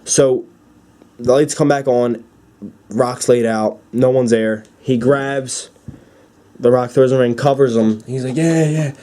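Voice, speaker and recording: A young man giving an excited, rambling fan recap with many fillers and restarts. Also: medium pitch, slow pace, pauses often. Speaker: wrestling fan vlogger.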